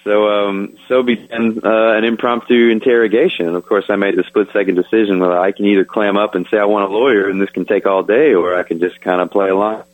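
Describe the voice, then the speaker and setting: A man's voice: on the low side, fairly even intonation, quick pace, hardly any pauses, no room sound, poor audio. A man guesting on a radio show, casually telling a story, chatty and self-mocking, laughing often.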